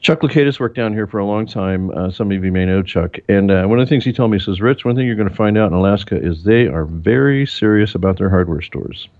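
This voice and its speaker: A man, a broadcast engineer, chatting as an interview guest and telling relaxed stories that grow animated when he quotes people. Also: on the low side, fast, hardly any pauses. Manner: relaxed storyteller, animated when quoting others. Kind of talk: casual interview chat. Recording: tinny phone-line call.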